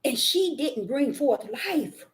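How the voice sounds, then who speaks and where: Fiery high-voiced woman preaching, scolding. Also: big pitch swings, slow. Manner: scolding, swings from low mutters to shouted outbursts. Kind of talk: fiery street sermon.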